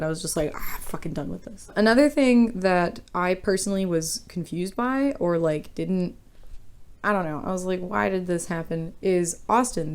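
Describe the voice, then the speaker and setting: A woman's voice: fairly high pitch, a little mellow. A young woman casually ranting about a book she reviews, frank and exasperated, swearing freely and rambling.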